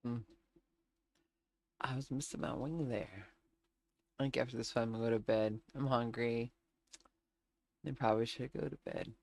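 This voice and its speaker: Gravelly-voiced chatty woman streamer. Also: rumbling low, normal speed, pauses often, a little mellow. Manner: chatty storytelling, laughs often, acts out quotes. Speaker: gaming streamer. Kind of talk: casual chat while playing a flight game.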